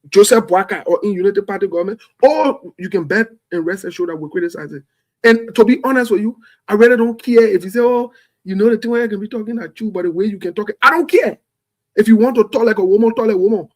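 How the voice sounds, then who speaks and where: A man's voice: high voice, a little mellow. A man from Liberia hosting a show, speaking bluntly and emphatically in impassioned political commentary, repeating phrases for force. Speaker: show host. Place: home in the United States.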